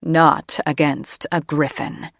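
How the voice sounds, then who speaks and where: A woman doing a low, growling dragon-shifter man. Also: level tone, takes it slowly, gravelly, dry recording, studio quality, heavily acted. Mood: stern. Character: stern protective male dragon shifter.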